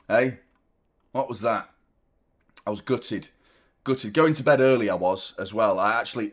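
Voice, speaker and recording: A man casually chatting as host of a live football fan stream, self-mocking and reading out viewer messages. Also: lowish voice. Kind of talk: casual live watchalong chat.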